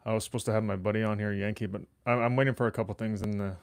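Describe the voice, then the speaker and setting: Low-voiced guy hosting a home podcast, loose and profane, dry close mic. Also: steady tone, rapid-fire, clear, resonant tone, dry recording. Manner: rambling, swears freely, talks to chat. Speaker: podcast host. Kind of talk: casual solo livestream chat. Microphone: desk microphone.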